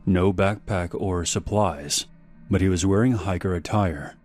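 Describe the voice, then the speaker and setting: A man with a very deep voice reads a scripted horror tale. He sets a measured, unhurried pace. Faint music plays beneath his narration. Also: darkish tone.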